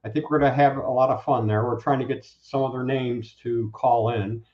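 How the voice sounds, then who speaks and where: A man talking as a guest, preaching in a casual, animated way and acting out the people he quotes. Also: mid-range voice, fairly quick. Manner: animated, acts out quoted speakers. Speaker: guest, Bible teacher. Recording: roomy, dull lo-fi sound.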